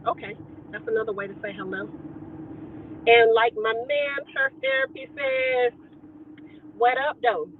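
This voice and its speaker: A woman's voice: on the high side, animated, moderate pace, a little hiss or hum. A woman hosting a casual live stream from inside a car, playfully greeting her viewers by name through a headset. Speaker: homestead channel host. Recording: tinny phone-like audio.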